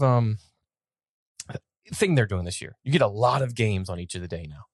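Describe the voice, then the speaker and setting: Low-voiced, relaxed podcast co-host man. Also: moderate pace, pauses often, no echo, clean studio sound. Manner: relaxed, reads from notes and articles. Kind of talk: casual chat.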